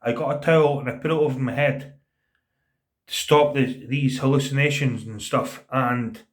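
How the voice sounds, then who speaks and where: Earnest man in his thirties, halting. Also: mid-range voice, steady tone. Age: 30s. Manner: earnest, halting, repeats words, often drops into a quiet voice for quoted speech. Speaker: vlogger telling a personal story. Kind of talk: casual spoken storytelling.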